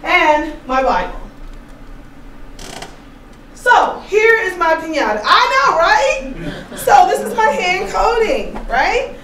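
A woman giving an informal seminar presentation to a room, chatty and animated, telling stories with laughs. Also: very high-pitched, takes it slowly, pauses often. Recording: roomy echo, distant mic, faint noise.

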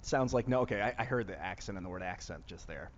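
A fairly low-voiced man with a Northeast Ohio accent rambles through a casual vlog, musing and restarting his sentences. The sound is dull and lo-fi, with a long reverb trailing his words. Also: quick pace. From Northeast Ohio, USA. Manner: musing, meandering, many fillers and restarts. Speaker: vlogger. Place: outdoor rooftop among plants.

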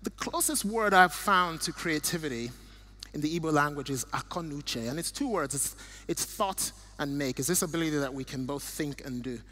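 A middle-aged man from Nigeria speaks earnestly at a church event, walking through slides and personal stories. His voice sits fairly high for a man, and he often restarts a phrase before pressing on. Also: lively intonation, normal speed. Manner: earnest, warm storytelling with restarts. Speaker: guest speaker.

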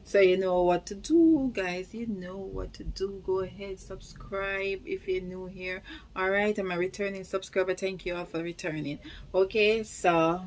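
A woman's voice: mid-range voice, measured pace, darkish tone, a little hiss or hum. A woman hosting a reaction video, chatting directly to her viewers. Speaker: reaction channel host. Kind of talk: casual video intro.

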